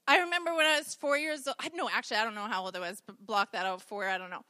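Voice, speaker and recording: A woman's voice: fairly high pitch, fairly even intonation, racing, few pauses, pushed and bright. A woman preacher giving a conversational sermon, telling stories with humor. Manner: chatty, storytelling with humor.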